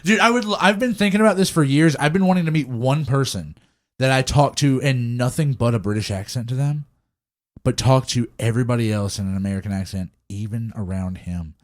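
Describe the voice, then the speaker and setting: A man's voice: mid-range voice, a little fast. A young man co-hosting a podcast, rambling in casual chat, swearing freely and laughing often. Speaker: podcast co-host.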